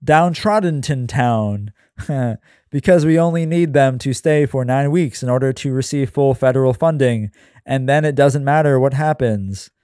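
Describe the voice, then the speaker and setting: A man reading his screenplay aloud in a deadpan, weary way with sarcastic asides. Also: medium pitch, normal speed, clear, resonant tone, dry recording, studio quality.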